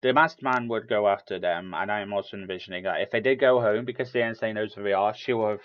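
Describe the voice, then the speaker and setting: A man with a lowish voice hosts a solo podcast, rambling along with frequent restarts and bits of acted-out dialogue. The recording sounds dull and lo-fi. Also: fast talker. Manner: rambling, many restarts, acts out quotes. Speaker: podcast host. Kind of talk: casual solo commentary.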